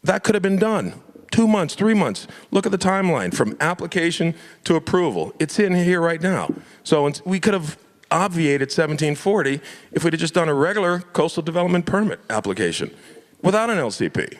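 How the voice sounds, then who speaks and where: A man's voice: a little high, big pitch swings, brisk, long reverb tail. A man from Florida, an elected official, making impassioned public remarks at a club meeting, emphatic and prone to repeating himself.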